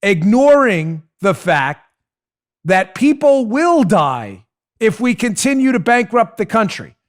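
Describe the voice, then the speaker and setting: Brief: male talk host, fairly high pitch, emphatic monologue, swings from hushed to raised, speaks right to the audience. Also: big pitch swings, slow pace. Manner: addresses listeners directly. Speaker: political talk show host.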